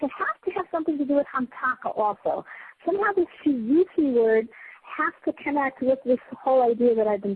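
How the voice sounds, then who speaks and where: A woman's voice: a little high, a little hiss or hum. Earnest woman teaching on a tinny line. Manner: earnest and emphatic, restarts phrases, checks in with "right?". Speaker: Torah class teacher. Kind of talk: spiritual lecture to a small group.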